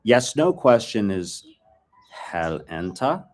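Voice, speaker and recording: Speaking slowly and casually, a fairly low-voiced man teaches a language lesson on film. He repeats short phrases again and again so learners can practice them.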